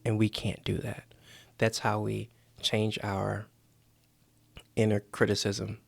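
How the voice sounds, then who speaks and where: Gravelly-voiced man hosting a motivational podcast. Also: fairly low pitch, monotone, takes it slowly, no echo. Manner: earnest coaching, acts out inner voices. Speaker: podcast host.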